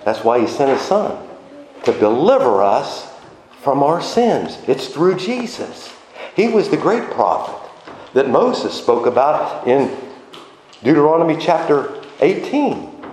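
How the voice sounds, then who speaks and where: A man preaching a sermon with animated emphasis, his voice swinging between high exclamations and low asides. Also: slow pace. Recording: very echoey room with faint noise.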